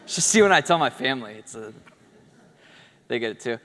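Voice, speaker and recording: A man's voice: medium pitch, expressive, brisk, a bit bright. A young man telling a personal story in a casual, wry, matter-of-fact way, in a large hall. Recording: long hall reverb.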